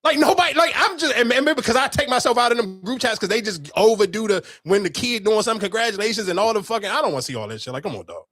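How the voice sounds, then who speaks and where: A young adult man hosting a podcast, telling a story in animated, profane casual chat with sudden outbursts. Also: high voice, racing, hardly any pauses, no room sound. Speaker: podcast host.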